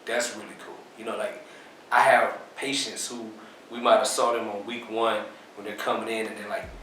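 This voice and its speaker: A man being interviewed, explaining his business in a relaxed, casual way with plenty of fillers. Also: on the low side, normal speed, distant mic, a little hiss or hum. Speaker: interview guest, business owner. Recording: very echoey room, off mic.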